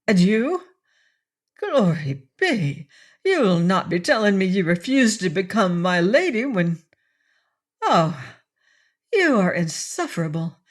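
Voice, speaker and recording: A woman's voice: mid-range voice, big pitch swings, takes it slowly, long pauses. Woman doing an earnest pirate captain. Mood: hopeful. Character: Irish pirate captain turned governor, earnest, lovesick.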